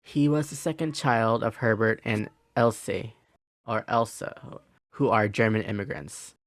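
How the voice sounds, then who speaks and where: A man co-hosting a podcast who tells a case in casual chat, halting often with fillers and restarts. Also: fairly low pitch, fairly even intonation, no room sound, clean studio sound. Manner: hesitant, many fillers and restarts. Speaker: podcast co-host.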